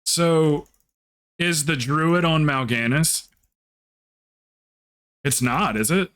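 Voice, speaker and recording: A man's voice: on the high side, slow, a bit bright. A man from the South, chatting casually and telling rambling stories during a game stream. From Southern United States. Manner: rambling storyteller, lots of "like" and restarts. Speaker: streamer and group leader. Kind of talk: casual chat during gameplay.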